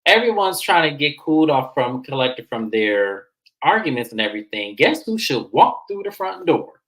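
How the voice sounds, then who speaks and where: Lady with a low voice but big swings up and down, recapping a reality show, blunt and sassy, aave. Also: rough recording. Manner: animated, swears freely, acts out quotes in high voices. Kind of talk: casual recap chat.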